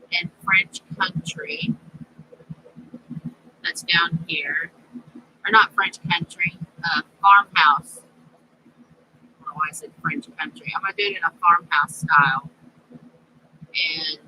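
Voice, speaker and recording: A middle-aged woman chatting slowly as a craft vlogger, rambling with fillers. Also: lowish voice, pushed and bright, slight background noise, rough recording. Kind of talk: casual crafting chat.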